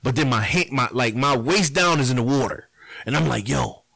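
A man's voice: mid-range voice, expressive, normal speed, creaky, a bit bright, husky, dry recording. A man telling a story in casual chat, full of slang, acting out his own reactions.

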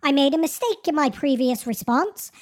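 A woman's voice: sits high, animated, moderate pace, pitched above the performer's own voice. A woman voicing a sassy female AI chatbot with a put-on English accent, prim, stubborn and condescending. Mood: insistent.

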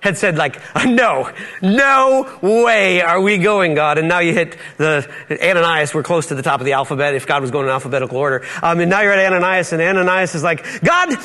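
A man's voice: fairly high pitch, fast, hardly any pauses, bright, forceful tone. A male pastor preaching a sermon in a church, playful and acting out Bible dialogue in different voices.

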